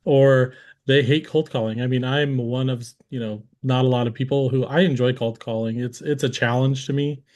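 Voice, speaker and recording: A man's voice: medium pitch, moderate pace, few pauses. Easygoing man hosting a live chat. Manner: relaxed and rambling, many fillers and restarts. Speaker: host. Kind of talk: casual live-stream interview.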